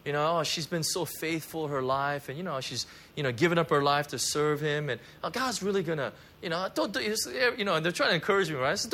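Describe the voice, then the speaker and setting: A man preaching a sermon, pastoral and animated, with frequent stammered restarts as he builds up to pleading prayers. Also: on the high side, a little fast, hardly any pauses.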